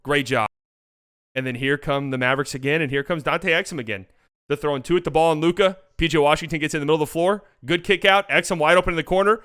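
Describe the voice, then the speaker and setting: Man, sports host, casual game-film breakdown, excitable, profane, bright, smooth voice. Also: on the high side, fast talker. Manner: excitable, swears freely, jokey.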